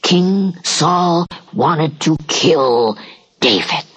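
A woman telling a Bible story to children, expressive and asking her listeners questions, over guitar music. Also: sits low, drawn-out words.

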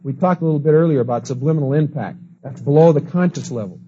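A man with a somewhat high, mellow voice teaches a class at a quick pace, lecturing through anecdotes and acting out the people he quotes. The recording is dull and lo-fi.

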